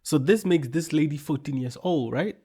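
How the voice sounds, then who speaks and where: A man's voice: a little high, moderate pace, mellow, slightly rough. A man from South Africa hosting an opinionated commentary show, talking emphatically with slangy repetition.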